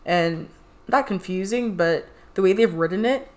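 A woman's voice: mid-range voice, moderate pace. Woman, casual read-aloud, chatty, critiques the writing, laughs at times. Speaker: co-reader and commentator.

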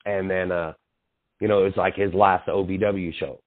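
A young man co-hosting a podcast tells a long, profane story in casual chat, full of fillers and acted-out quotes. His voice is low and steady at normal speed, and the recording sounds tinny, like a phone.

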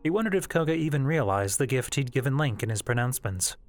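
A man narrating a fan novel as an audiobook in a steady, measured storytelling voice. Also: mid-range voice. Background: faint background music.

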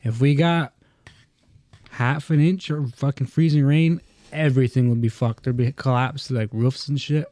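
A man's voice: mid-range voice, fairly even intonation, moderate pace, warm tone, no room sound. Profane ranting man, dry close mic. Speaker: podcast co-host. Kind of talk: casual chat.

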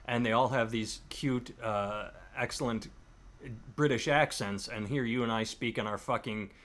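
A man's voice: medium pitch, moderate pace, a bit bright. A man with a Midwestern US accent co-hosting a podcast in casual banter, rambling with lots of fillers and laughing easily. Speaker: podcast co-host.

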